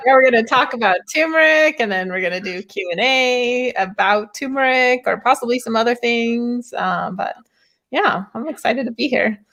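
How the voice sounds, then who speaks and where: A woman's voice: on the high side, moderate pace, a bit bright, poor audio. A woman appearing as the guest herbalist on a live online chat, easygoing with short replies.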